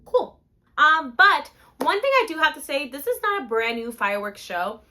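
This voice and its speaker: Bright-voiced, gushing young woman vlogger. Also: high voice, big pitch swings, moderate pace. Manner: gushing, emotional, bubbly. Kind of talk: excited theme park vlog chat.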